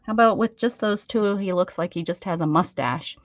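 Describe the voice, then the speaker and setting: A woman's voice: on the low side, fairly quick, dry recording, dull audio. A middle-aged woman hosting a crafting stream, chatting casually with frequent laughs and rambling restarts. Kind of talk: casual chat while crafting.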